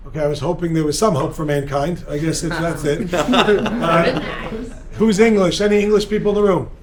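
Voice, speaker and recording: A male rabbi giving an energetic, joking seminar talk and bantering with a live audience in a room. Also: a little high, moderate pace. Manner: energetic, joking, talks with the crowd.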